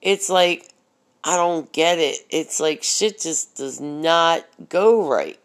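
Slow, low-voiced woman ranting. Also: animated. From Baltimore, USA. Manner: blunt and profane, many ums, mocking asides. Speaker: vlogger commenting on local news. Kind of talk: casual rant.

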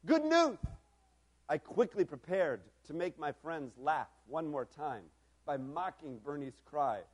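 A man with a high-pitched voice delivers a storytelling sermon. He moves between hushed, reflective passages and loud, emphatic preaching. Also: measured pace.

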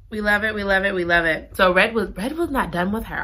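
A woman chatting through a book recap with a bright, forward voice. She gushes and giggles as she talks and piles up repeated exclamations. Her tone stays casual and conversational. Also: mid-range voice, quick pace. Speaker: book reviewer.

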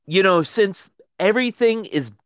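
A man's voice: high-pitched, animated, moderate pace, smooth, no echo. A man co-hosting a podcast in casual chat, agreeing and laughing along.

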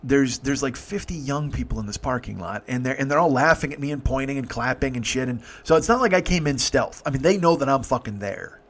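A man in his fifties telling a story casually, swearing freely and stopping to restart his sentences. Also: medium pitch. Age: 50s. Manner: profane, halting, animated. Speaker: podcast host.

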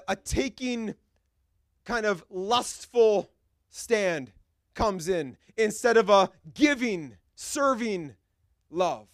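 A man's voice: high-pitched, no room sound, studio quality. A man preaching a sermon in a church, emphatic and repetitive in short punchy phrases, with conversational, lightly humorous asides. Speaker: pastor. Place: church sanctuary.

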